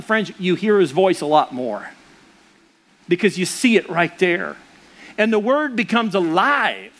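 A man's voice: high-pitched, fairly bright tone. A middle-aged man preaching a sermon as a pastor, earnest and conversational.

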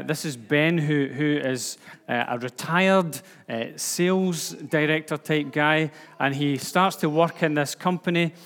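A man's voice: on the high side, fairly bright tone. A man with a Scottish accent giving an informal sermon, chatty, with lots of fillers and restarts. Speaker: preacher. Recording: long hall reverb.

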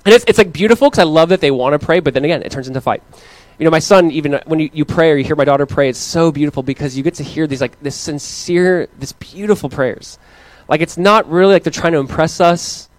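A man in his thirties preaching a casual, story-driven sermon as pastor, animated and playful as he recounts family moments. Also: quick pace, hardly any pauses, dry recording. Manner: animated storytelling, acting out his kids in high voices. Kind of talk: conversational sermon.

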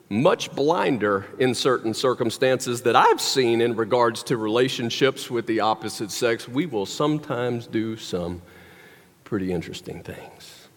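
A man preaching a sermon, telling a story animatedly with wry, joking asides. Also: medium pitch. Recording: long hall reverb.

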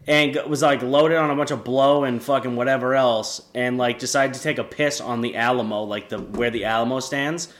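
A man's voice: mid-range voice, steady tone, brisk, few pauses. A young man from New Hampshire co-hosting a podcast, cursing constantly and tripping over repeated restarts in casual chat. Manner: profane, rambling, stammering restarts. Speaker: podcast co-host.

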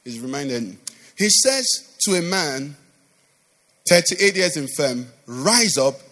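A man's voice: fairly high pitch, big pitch swings, takes it slowly, sharp tone. A male pastor preaching a sermon, with sing-song emphasis and constant call-and-response questions to the congregation. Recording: reverberant church hall.

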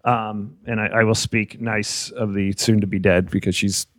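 A man's voice: fairly low pitch, normal speed, no echo. Comedian guest, male, laughs through his stories, dry close sound. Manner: animated, laughing storyteller. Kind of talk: casual chat, storytelling.

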